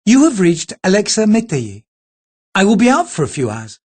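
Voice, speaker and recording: A man's voice: high-pitched, huge pitch swings, moderate pace, husky, pitched above the performer's own voice, exaggerated voice. A male narrator voicing a young woman's cheerful answering machine greeting. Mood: chirpy.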